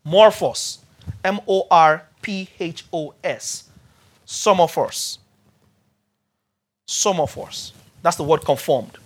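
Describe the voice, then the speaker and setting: A man preaching a sermon, repeating key words for emphasis and spelling out terms slowly. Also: on the high side.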